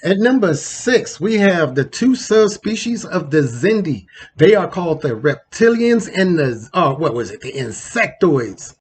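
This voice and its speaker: A man's voice: on the high side, big pitch swings, unhurried, few pauses, slightly rough. A man hosting a casual countdown show, talking loosely and conversationally with lots of slang and asides. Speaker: host. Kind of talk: casual ranking commentary.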